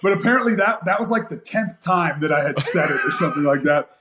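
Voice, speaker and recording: A man's voice: on the high side, fast talker, noisy background. A man in his forties, a guest fighter and coach, telling a story in a casual interview with lots of fillers and acted-out quotes. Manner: animated storyteller, acts out quoted voices, many fillers. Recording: echoey room.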